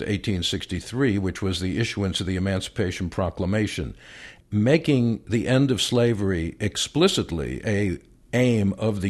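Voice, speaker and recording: A man, a historian guest on a radio interview, explaining in a measured way and chuckling now and then. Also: sits low, a little mellow. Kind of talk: radio interview, then reading a speech aloud.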